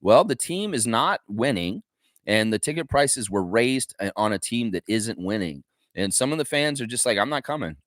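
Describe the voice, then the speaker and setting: A man's voice: medium pitch, animated, moderate pace, dry recording. A man hosting a daily basketball fan show, talking in a rambling, opinionated way with many fillers and restarts. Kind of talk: casual livestream commentary.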